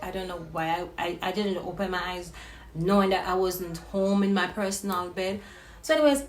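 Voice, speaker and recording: Woman spilling a wild story, cussing a lot, mid-pitched, room echo. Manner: animated, profane retelling. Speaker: vlogger. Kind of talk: casual storytime. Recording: roomy with faint noise.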